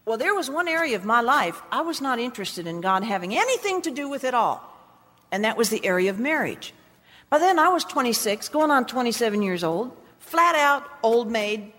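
A high, bright-voiced woman gives a personal testimony sermon. She tells her story with strong emotion, dropping to a hush and then rising to an exclamation. Her voice rings out with a long hall reverb. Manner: emotional storytelling, big swings between hushed and exclaimed lines. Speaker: speaker giving a testimony.

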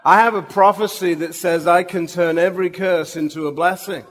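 A man's voice: sits high, steady tone, normal speed, fairly bright tone, long reverb tail. A man preaching, telling humorous, self-mocking stories from his own life in a sermon. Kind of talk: storytelling sermon.

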